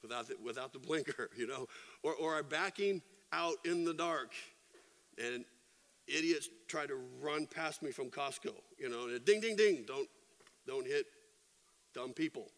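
Animated preacher man in a reverberant hall. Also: fairly high pitch, unhurried. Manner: animated storytelling with voiced sound effects and quoted voices. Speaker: pastor. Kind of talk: sermon.

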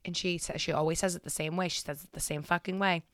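A woman in her twenties, a podcast co-host, telling a story in a casual, animated and heavily profane way. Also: lowish voice, fast talker, no room sound, clean studio sound.

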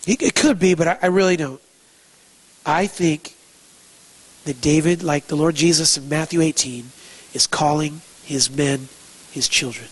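A man's voice: fairly high pitch, steady tone, measured pace, pauses often, husky, low-quality recording. A man preaching a sermon, emphatic, asking rhetorical questions and repeating key phrases. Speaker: pastor.

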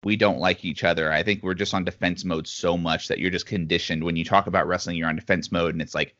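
Very deep-voiced man musing aloud. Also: steady tone, fast, a bit bright. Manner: thinks aloud with many fillers. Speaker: podcast co-host. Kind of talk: casual podcast chat. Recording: slightly dull lo-fi audio.

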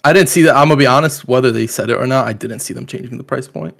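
A man co-hosting a casual podcast, laid-back and quick to laugh. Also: medium pitch, vocal fry, fairly bright tone. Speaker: podcast co-host. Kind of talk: casual chat.

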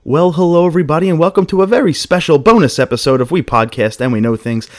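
A man's voice: fairly high pitch, quick pace. A man hosting a podcast, welcoming a guest in an upbeat, jokey way. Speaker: podcast host. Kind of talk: casual podcast chat.

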